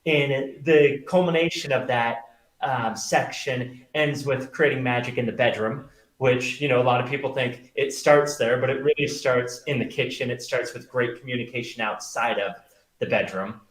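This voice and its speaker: Middle-aged man, earnest storyteller, mid-pitched voice, roomy echo. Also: normal speed. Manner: earnest, storytelling, many fillers. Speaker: guest, magician and pastor. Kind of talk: conversational interview.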